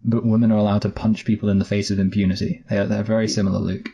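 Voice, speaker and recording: A man's voice: on the low side, little pitch movement, very fast, creaky, mellow, breathy edge, lo-fi sound. A man co-hosting a podcast, chatting casually about a film in a rambling, wry way with many restarts. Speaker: podcast co-host. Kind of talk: casual film review chat.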